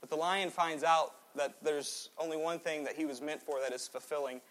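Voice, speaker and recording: A man in his twenties preaching a sermon in a church, swinging between loud exhortation and quiet, joking asides. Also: a little high, fairly even intonation, moderate pace. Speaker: pastor. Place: church sanctuary.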